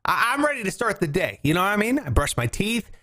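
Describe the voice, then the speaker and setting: A man hosting a morning show with a loud, excitable, rambling delivery. His pitch sits a little high and swings widely from line to line. The sound is dry and close, with no room around it. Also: fast talker, dry recording. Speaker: podcast host. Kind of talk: casual morning show chat.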